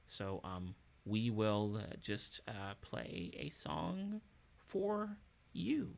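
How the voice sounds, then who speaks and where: A man's voice: lowish voice, wildly swooping pitch, very slow, creaky. A man hosting a casual livestream, upbeat and chatty with his viewers, chuckling often. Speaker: streamer and musician.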